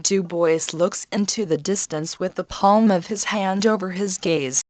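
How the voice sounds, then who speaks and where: A woman narrating a scripted story in an even, measured reading. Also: fairly low pitch, dry recording.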